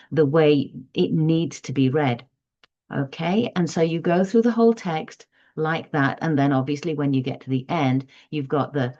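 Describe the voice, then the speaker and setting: Low-pitched woman teacher talking slow and careful, kinda dull lo-fi audio. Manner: slow, careful and expressive, modeling read-aloud intonation. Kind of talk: instructional video lesson.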